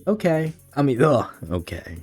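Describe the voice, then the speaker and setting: A streamer reading through a game's story, breaking off into giggly, chatty asides. The voice is mellow and swings lively in pitch, with faint game music underneath. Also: measured pace, husky. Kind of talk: casual game playthrough reading.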